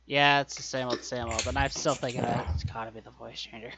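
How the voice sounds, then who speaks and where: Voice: medium pitch, steady tone, fast, vocal fry, bright, forceful tone. A tabletop game player chatting casually between turns on a headset, often restarting sentences. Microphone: headset on a voice call. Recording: dull lo-fi voice-chat audio.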